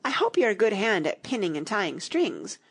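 A woman voicing a fussy, boastful boy twin with a petulant, excitable manner. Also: mid-range voice, normal speed, slightly rough.

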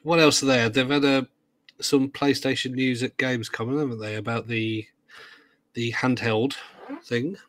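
A man's voice: mid-range voice, fairly even intonation, normal speed, fairly bright tone. Hesitant man in podcast chat. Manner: hesitant, many ums and restarts, joking asides. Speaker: podcast co-host. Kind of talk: casual chat.

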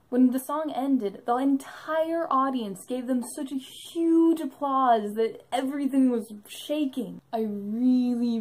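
A woman's voice: on the high side, a little mellow, low-quality recording. A young woman narrating an enthusiastic fan vlog about a live show she went to, in a bubbly storytelling manner.

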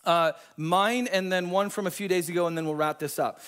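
A man preaching a sermon and telling personal testimonies in a casual, slangy, animated way. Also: sits high, fairly quick. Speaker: pastor.

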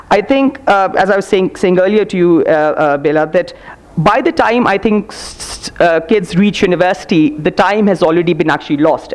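A man speaking as a panelist at a festival discussion, halting with many restarts as he acts out his students' replies. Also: high voice. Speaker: panelist, university teacher. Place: festival stage before an audience.

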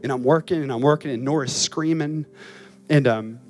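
A man's voice: mid-range voice, moderate pace, darkish tone, faint music behind. A man, a campus pastor, preaching a chapel sermon and telling a story with emotion, at times crying. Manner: emotional storytelling, voice rising and breaking.

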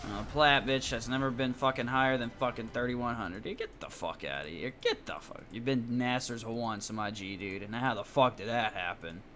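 A man's voice: medium pitch, normal speed, few pauses, fairly bright tone, a little hiss or hum. A man streaming a live game, trash-talking and ranting in a profane, exasperated way. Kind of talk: live gaming commentary.

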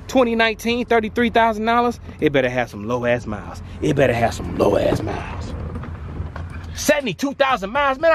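A man's voice: high-pitched, a bit bright, slight background noise. A man vlogging casually on an outdoor used car lot, reacting to prices with slangy exclamations, filmed on a handheld phone. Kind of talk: casual walk-around vlog.

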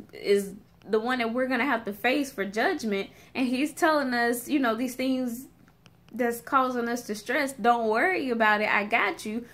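A woman's voice: high voice, a bit bright. A woman who teaches sixth grade, talking casually in a faith-based vlog from a car, laughing often and acting out anxious voices. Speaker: vlogger and teacher.

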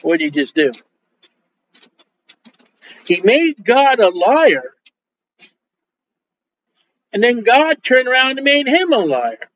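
A high-voiced male preacher tells jokes through his sermon and acts out the lines of people in his stories. The recording is dull and lo-fi. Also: slow, pauses often. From Polish Roman Catholic upbringing. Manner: joking, animated, acts out quoted dialogue. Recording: dull lo-fi sound.

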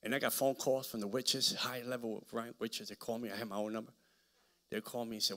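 A man preaching as a guest speaker, telling stories with dramatic swings from quiet murmurs to shouting. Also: medium pitch, fairly quick. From Hispanic American. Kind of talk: preaching with storytelling. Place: church hall.

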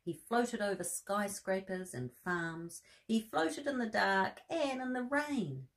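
A woman reading a bedtime story aloud to children, expressive, with soft gasps and friendly asides. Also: mid-range voice, slow pace.

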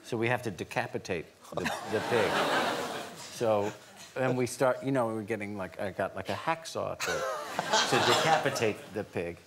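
A man's voice: fairly low pitch, moderate pace, very noisy. A man who is a guest on a TV talk show, telling a story with animation and laughing as he goes. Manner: animated anecdote, laughing as he tells it. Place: TV studio before an audience.

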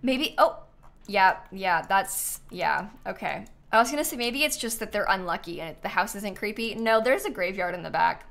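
A young woman streaming live and chatting her way through viewers' builds. Her talk is casual and enthusiastic, full of little repeats and trailing phrases, at an everyday middle pitch. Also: lively intonation, normal speed, gravelly, a bit bright.

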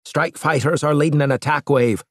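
A man's voice: fairly high pitch, moderate pace, no room sound, studio quality, voice pushed up, close to an everyday voice. A man voicing an easygoing, casual male pilot in an audiobook. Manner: casual, calls people mate.

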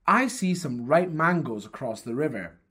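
A reader voicing a bossy male talking head from a folktale, in a raised, excited voice. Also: medium pitch, moderate pace, husky.

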